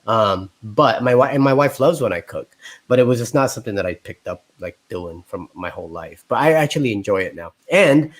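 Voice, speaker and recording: A man's voice: lowish voice, expressive. A man from Florida in his thirties, a guest poet chatting casually and easily on a video call. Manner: laid-back, rambling, quick to laugh.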